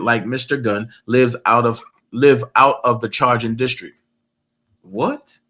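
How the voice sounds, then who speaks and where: A man commentates on a livestream and reads court records aloud. He keeps breaking off into profane, animated mockery. He sits at a middle pitch for a man.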